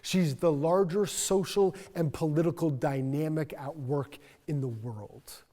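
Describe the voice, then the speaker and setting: A male pastor preaching a sermon in a church, earnest and reflective, dropping to a soft voice for emphasis. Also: fairly high pitch, a little slow, in a large hall. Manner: earnest, reflective, soft-spoken at key points. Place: church sanctuary.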